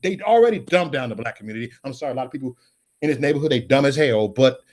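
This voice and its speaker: Loud preachy middle-aged man. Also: medium pitch, lively intonation, rapid-fire, crowd noise. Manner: loud, preachy, rising to shouts. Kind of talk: ranting political livestream chat.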